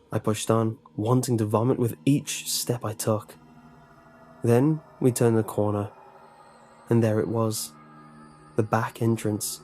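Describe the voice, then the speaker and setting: A man narrating a scripted horror story in a tense, measured way. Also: on the low side, fairly even intonation, darkish tone, faint music behind.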